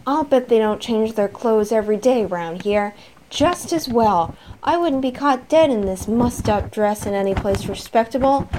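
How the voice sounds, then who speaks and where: A woman's voice: on the high side, expressive, normal speed, darkish tone, a little hiss or hum, natural voice. A woman voicing a haughty, fussy wife who snaps and sniffs in disdain. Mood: disdainful.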